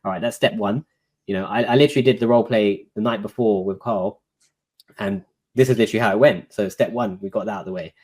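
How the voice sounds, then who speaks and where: A man's voice: on the low side, fast talker. A man talking casually as a guest, recounting a court visit with lots of fillers like "you know". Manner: relaxed, filler-heavy, recounting a court dialogue. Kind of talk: casual conversational storytelling.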